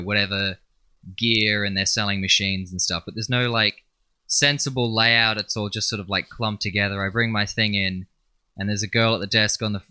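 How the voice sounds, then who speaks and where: Sarcastic rambling man with a bright voice. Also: on the low side, no echo. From Western Australia. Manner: rambling, sarcastic storytelling with lots of profanity. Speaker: podcast co-host. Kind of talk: casual chat.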